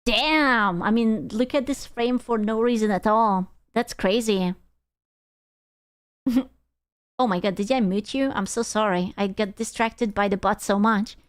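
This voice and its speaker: A young woman streaming and reacting to videos in casual chat, blunt and quick to swear. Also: medium pitch, clear, resonant tone, no room sound, studio quality. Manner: blunt, swears freely, laughs often.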